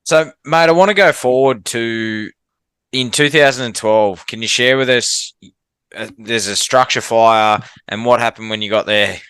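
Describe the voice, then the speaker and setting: An Australian man hosting a podcast, chatty and matey, saying "mate" constantly. His voice is bright and smooth. The sound is dry and close. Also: medium pitch, a little slow, no room sound. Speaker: podcast host. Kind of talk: casual podcast interview.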